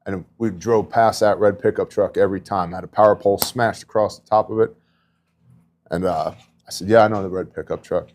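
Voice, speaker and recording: A man's voice: low voice, fairly even intonation, a little fast, a little mellow, a little hiss or hum. A middle-aged man in casual faith talk, telling relief-work stories in an earnest, conversational way with many asides. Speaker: podcast host and disaster relief volunteer.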